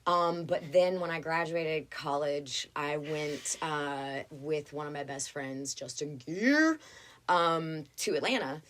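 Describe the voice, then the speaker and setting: A woman's voice: sits low, slow pace. A young woman from North Carolina with a Southern accent, telling stories in a casual interview and acting out the people in them. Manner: animated, acts out voices in anecdotes. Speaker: actress, interview guest. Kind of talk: casual storytelling chat.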